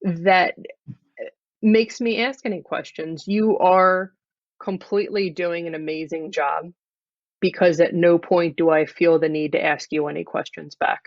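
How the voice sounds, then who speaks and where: Holding a character during an improvised interview, this improv comedy guest keeps a deadpan, flat delivery at mid pitch and an unhurried pace. The sound comes through a video call, dry, dull and lo-fi, without any room echo.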